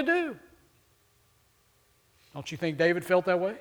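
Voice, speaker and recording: A man preaching a sermon with fervent delivery, rising to loud emphatic peaks and dropping low, acting out the voices of scripture characters. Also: big pitch swings, unhurried, long pauses.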